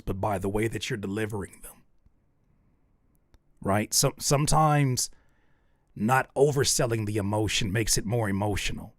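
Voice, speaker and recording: A man's voice: fairly low pitch, no echo, clean studio sound. A man giving spoken feedback on songs as host, coaching analytically and thinking aloud as he searches for words. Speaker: music reviewer.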